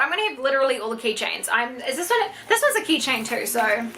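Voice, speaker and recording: A young New Zealand woman unboxing a gift box in a vlog, gushing and excitable, gasping and squealing over each item. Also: sits high, a little fast, poor audio. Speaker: YouTuber.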